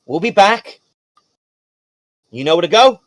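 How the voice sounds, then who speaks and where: A man voicing a gruff, folksy father who gives his young daughter stern warnings before leaving her. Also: high-pitched, expressive, unhurried, no room sound, voice pushed up. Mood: gruff, fatherly.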